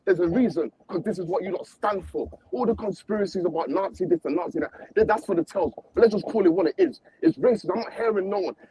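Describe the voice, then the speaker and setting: Impassioned male panelist, gravelly, husky, high-pitched. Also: sing-song, quick pace, hardly any pauses, mellow, low-quality recording. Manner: impassioned, repetitive, confrontational. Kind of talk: heated debate.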